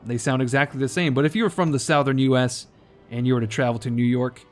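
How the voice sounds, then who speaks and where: A man's voice: medium pitch, fairly even intonation, quick pace, faint music behind. A man hosting a let's play, talking through his game in a rambling, jokey way and often correcting himself mid-sentence. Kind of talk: casual gameplay commentary.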